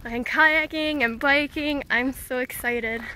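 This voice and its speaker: Cheerful woman vlogger by a lake; high, unhurried voice, laughs easily, faint outdoor hiss. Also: steady tone, sharp tone. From Minnesota. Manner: chatty, laughs often, coaxes the dog. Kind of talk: casual travel vlog narration.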